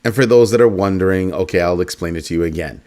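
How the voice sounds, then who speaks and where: A man hosting a casual crypto commentary show, animated and jokey, repeating his points. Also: deep voice, quick pace. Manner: animated, repetitive, jokey asides.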